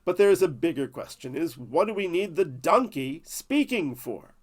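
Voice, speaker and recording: A man's voice: fairly high pitch, sing-song, moderate pace, a little mellow. A man telling a Bible story as a lesson, with playful, jokey asides. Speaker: Torah teacher.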